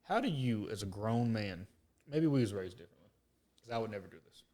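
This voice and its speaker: A man's voice: fairly low pitch, a little fast. A man co-hosting a podcast, telling a story in casual, profane chat and acting out the quoted lines. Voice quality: profane, animated storyteller who acts out quotes. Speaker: podcast co-host.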